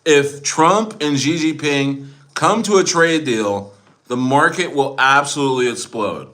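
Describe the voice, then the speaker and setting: Young man, casual livestream host, bright and forceful tone, joking, rambling, laughs a lot. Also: medium pitch, measured pace. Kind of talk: casual livestream chat reading viewer comments.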